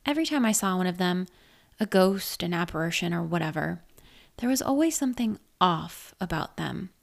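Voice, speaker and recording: A woman narrating a first-person story in a measured, reflective way. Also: lowish voice, expressive, vocal fry.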